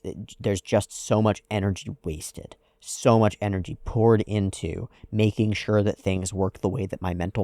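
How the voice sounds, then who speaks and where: A man with a lowish, mellow voice hosts an anime reaction, picking apart a character's psychology in a thoughtful, analytical way and dropping "like" often. It's casual, reflective commentary, recorded at studio quality with no echo.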